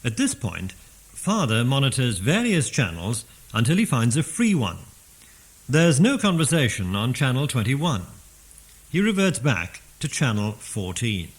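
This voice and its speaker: Slow deliberate English male narrator. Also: medium pitch, very animated, husky. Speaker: narrator and instructor. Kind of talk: scripted instructional narration.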